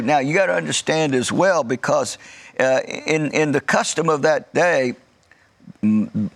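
Gravelly-voiced male preacher. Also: fairly high pitch, fairly bright tone. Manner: measured preaching with emphatic drawn-out words; light joking asides. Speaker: pastor. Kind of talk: sermon.

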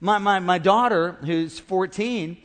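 A middle-aged man preaching a sermon as pastor, animated and calling out to his congregation. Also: high-pitched, slow pace. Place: large church auditorium. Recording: reverberant church hall.

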